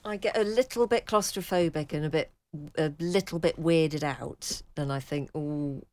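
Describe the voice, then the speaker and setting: Low-voiced woman cohosting a radio chat, dry and teasing. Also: moderate pace, a little mellow. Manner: wry, teasing, laughs as she talks. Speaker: radio co-host.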